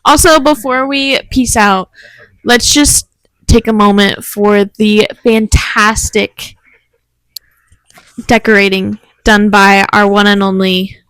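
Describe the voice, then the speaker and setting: A woman's voice: mid-range voice, fairly even intonation, slow pace, a bit bright, clean tone, dry recording, poor audio. A young woman co-hosting a casual podcast, telling stories with lots of laughter and acted-out quotes. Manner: giggly, storytelling with acted quotes. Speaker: podcast co-host. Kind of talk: casual chat.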